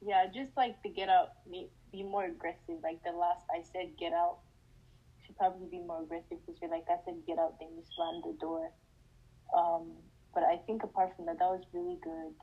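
A woman's voice: fairly low pitch, level tone, normal speed, husky, narrow, tinny audio. A woman directing a drama rehearsal, giving hesitant, encouraging feedback. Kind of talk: casual feedback.

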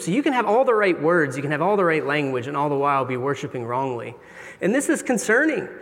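A man's voice: a little high, very animated, fast, a bit bright. A middle-aged man preaching a sermon in an earnest, confessional, conversational way. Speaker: pastor. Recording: long reverb of a large hall.

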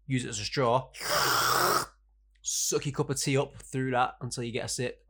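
A young man with a gravelly, mid-pitched voice trades banter on a podcast. He drops in dry, quick jokes and short asides. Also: fairly even intonation. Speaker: podcast co-host. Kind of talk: casual banter.

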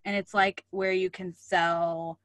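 A chatty woman co-hosting a podcast, her voice bright and forceful. She shares tips casually and peppers her talk with "like." The sound is close and dry, with no room echo. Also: fairly low pitch, little pitch movement, slow. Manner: chatty, with many "like" fillers. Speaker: podcast co-host. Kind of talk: casual chat.

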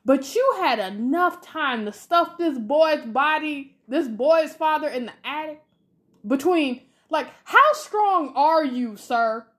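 A woman co-hosting a podcast, chatting casually about a movie, animated and exasperated as she rants. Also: high voice, takes it slowly. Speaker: podcast co-host. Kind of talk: casual movie review chat.

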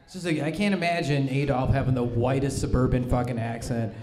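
A man's voice: medium pitch, steady tone, fairly quick, a little mellow. A man co-hosting a live comedy show, heckling and joking about the comic's set. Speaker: co-host.

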